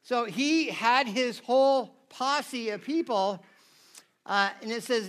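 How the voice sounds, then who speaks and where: A pastor with a very high, expressive, sharp voice preaches at a moderate pace. His sermon is casual and conversational, and he chats with listeners, constantly asking them "right?"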